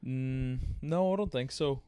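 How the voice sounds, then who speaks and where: A man's voice: mid-range voice, measured pace, mellow, clean tone, dry recording, clean studio sound. A man hosting a podcast, chatting casually with a guest, laughing often, swearing and poking fun at himself. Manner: laughing, swearing, self-mocking. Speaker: podcast host. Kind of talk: casual chat.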